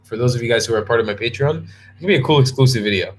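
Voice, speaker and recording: Tired young dude rambling on a livestream, answering chat, lots of restarts. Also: male voice, mid-range voice, rapid-fire, slight background noise. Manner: rambling, restarts a lot, reads viewer comments aloud. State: tired and yawning. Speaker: travel vlogger answering live chat. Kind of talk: casual live-stream chat.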